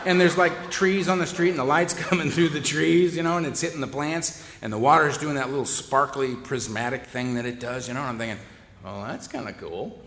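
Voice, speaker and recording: Wry man telling his story, bright voice. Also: a little high, fairly even intonation, fairly quick, hardly any pauses, slight background noise. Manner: wry, self-mocking, conversational. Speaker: speaker sharing his recovery story. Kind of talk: humorous personal talk to an audience. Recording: echoey hall reverb.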